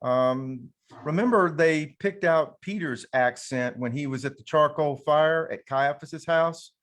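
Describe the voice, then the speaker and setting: A man's voice: fairly high pitch, measured pace, a bit bright. A man with a Southern American accent hosting a casual panel discussion, talking in a folksy, conversational way with frequent restarts. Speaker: panel host and teacher.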